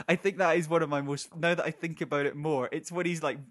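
A man co-hosting a casual film podcast, animated and laughing often as he rambles. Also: fairly high pitch, quick pace, dry recording. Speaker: podcast co-host.

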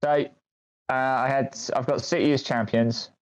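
A man co-hosting a football podcast, talking in a steady, matter-of-fact way. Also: mid-range voice, normal speed. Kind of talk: casual chat. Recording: slightly muffled audio.

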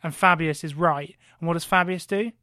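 Excitable, sweary podcast storyteller. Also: male voice, a little high, fairly quick, dry recording, clean studio sound. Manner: excitable, heavy swearing, rhetorical questions. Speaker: podcast co-host. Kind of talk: animated comic history storytelling.

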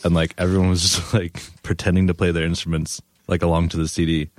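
A man's voice: low voice, flat delivery, quick pace, dry recording, studio quality. A young man, a guest, telling laid-back stories in casual chat, laughing often.

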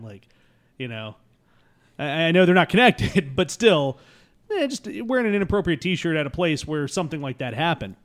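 A man with a slightly raised pitch tells a long comic anecdote in a podcast roundtable. He acts out every character in it, dropping to hushed asides and then bursting loud. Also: lively intonation, a little fast. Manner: acts out quoted voices, swings loud and soft. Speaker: podcast guest. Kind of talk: animated comic storytelling.

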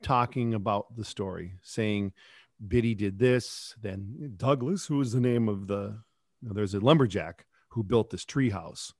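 A man's voice: on the low side, a little slow, a little mellow, dry recording, studio quality. A middle-aged man who creates a kids podcast, talking reflectively in a casual interview. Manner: reflective, rambling with restarts.

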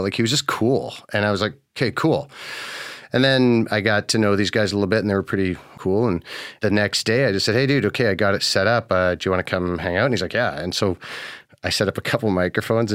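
A man's voice: fairly low pitch, a bit bright, dry recording, studio quality. A man hosting a podcast, telling a story casually, laid-back and sarcastic, swearing often. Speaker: podcast host.

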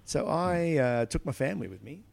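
Gravelly-voiced male comedian chatting. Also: on the high side, brisk. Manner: animated storytelling with frequent restarts. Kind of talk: casual chat.

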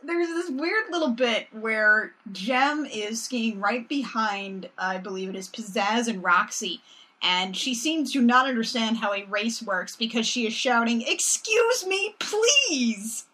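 Woman podcast co-host, fairly high bright voice, animated and sarcastic. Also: unhurried. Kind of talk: casual recap chat.

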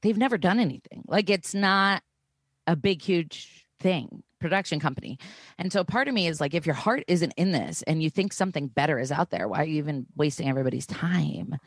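A woman's voice: sits low, expressive, fairly quick, husky, dry recording. A young woman co-hosting a podcast, chatty and self-deprecating, swearing casually as she talks. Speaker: podcast co-host. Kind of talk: casual chat.

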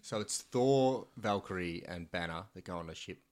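A man with a low voice in a relaxed podcast conversation. He answers mostly in short bits and keeps agreeing. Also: normal speed. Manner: backchannels a lot, short agreeing replies. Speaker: podcast co-host. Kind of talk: casual chat.

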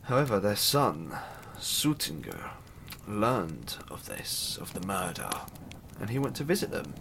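A man's voice: on the low side, huge pitch swings, a little slow, creaky, fairly bright tone, a little hiss or hum. A man casually retelling a myth, chatty and irreverent, with asides and the odd swear. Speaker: storyteller.

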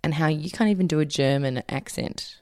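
A woman's voice: sits low, fairly quick, darkish tone, dry recording, studio quality. A woman hosting a podcast in casual chat, giggly and teasing. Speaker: podcast host.

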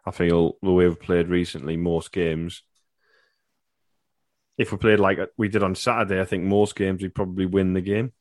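A man's voice: low-pitched, little pitch movement, normal speed, darkish tone, no echo, clean studio sound. A man co-hosting a football podcast, talking in a rambling, conversational way. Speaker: podcast host. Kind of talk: casual podcast chat.

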